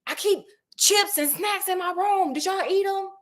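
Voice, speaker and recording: Woman putting on a suspicious scolding mother, high and shrill, accusing questions. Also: moderate pace. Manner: accusing, interrogating.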